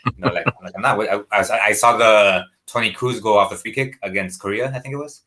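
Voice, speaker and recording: A man co-hosting a podcast in casual chat, talking in quick bursts full of restarts. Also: fairly low pitch, fairly even intonation, noisy background. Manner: fast, full of restarts and "you know". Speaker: podcast co-host.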